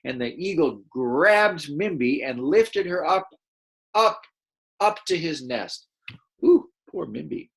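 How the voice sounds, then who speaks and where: A man teaching a first-grade class, reading a picture book aloud and gently encouraging the children to read along. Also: on the high side, expressive, slow pace, gravelly, breathy edge. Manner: gentle, encouraging, explains as he goes.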